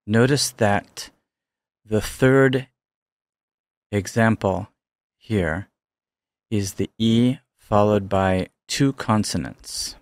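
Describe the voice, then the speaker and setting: A man reading out pronunciation drills as a language teacher, slow and carefully enunciated. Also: on the low side, no echo.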